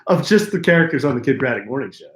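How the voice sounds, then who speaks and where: A man's voice: medium pitch, big pitch swings, fast talker, a bit bright. A middle-aged man co-hosting a podcast, chatting in a playful, jokey way. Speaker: podcast co-host. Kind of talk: casual chat. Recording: roomy echo.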